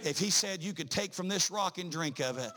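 A male preacher, delivering a sermon in a chanting style full of "uh" breaks, rising at times to shouts. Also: high voice, fairly quick.

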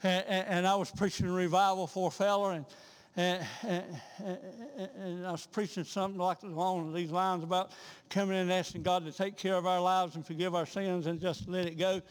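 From the pulpit of a church sanctuary, a high-voiced preacher gives a revival sermon, repeating phrases in rhythmic cadence and building to loud, fervent peaks. Each line rings out with a long reverb from the room. His tone is level and clean, and he speaks at a normal speed.

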